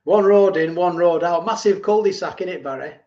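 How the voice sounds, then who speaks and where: A middle-aged man hosts a livestream, chatting casually as he reads viewer comments, rambling and repeating himself in his answers. His voice is high-pitched and somewhat dark, and he talks a little fast. The stream audio is dull and lo-fi.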